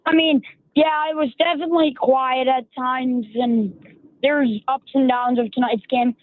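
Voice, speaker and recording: Man, radio show caller, halting stop-start speech, very high voice, tinny phone line. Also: steady tone, dry recording. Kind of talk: phone-in sports chat.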